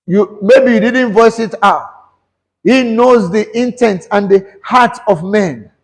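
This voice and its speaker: A pastor delivers a sermon in a high voice, slowly and deliberately, throwing questions back at his congregation. The sound carries a long reverb from a big church hall. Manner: preaches with call-and-response questions to the congregation; switches between English and Yoruba.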